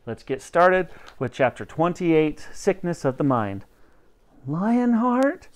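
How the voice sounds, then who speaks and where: A man reading a children's novel aloud chapter by chapter for students, expressive and animated. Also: fairly high pitch, a little slow. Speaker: audiobook reader for students.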